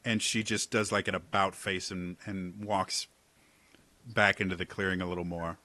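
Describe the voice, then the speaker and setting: A man's voice: low voice, level tone, normal speed, bright, forceful tone, dry recording. A man narrating a tabletop game as game master, rambling with lots of fillers.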